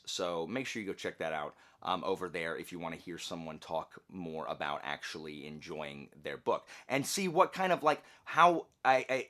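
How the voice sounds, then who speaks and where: A man reviewing a novel in a loose, rambling chat to camera. His voice swings widely in pitch and often jumps up in volume for emphasis. He sits in a mid range, neither high nor low. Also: pushed and bright. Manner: rambling and chatty, with frequent restarts and asides. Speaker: book reviewer, channel host.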